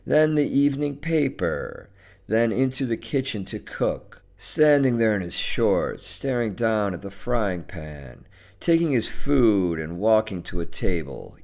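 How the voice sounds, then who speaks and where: Slow, expressive male story narrator. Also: fairly low pitch.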